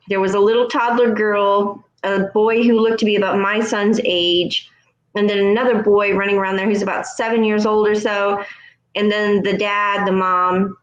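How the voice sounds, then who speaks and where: A woman's voice: medium pitch, muffled recording. A woman telling a story in a casual chat, acting out the other voices as she goes. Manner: animated, acts out other voices in her stories. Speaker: co-host. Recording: echoey room.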